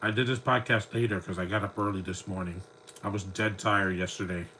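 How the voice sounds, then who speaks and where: A man's voice: on the low side, steady tone, brisk, sharp tone, a little hiss or hum, rough recording. A man around forty, a podcast host, chatting in a rambling way as he watches a movie and comments on it. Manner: rambling, chatty fan talk.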